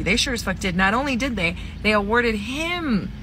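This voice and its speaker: A woman's voice: medium pitch, lively intonation, moderate pace. A swearing woman telling her story over noise. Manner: emphatic, swears freely. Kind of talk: casual personal storytelling. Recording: background noise.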